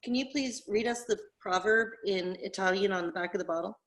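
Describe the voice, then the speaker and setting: A woman's voice: medium pitch, brisk. Chatty woman on a video call. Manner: chatty and laughing. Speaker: viewer on the call.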